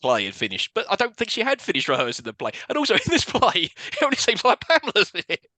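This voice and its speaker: A man recapping a film as co-host of a casual podcast, animated and quick. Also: sits high, no room sound. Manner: animated, quick storytelling with frequent laughs.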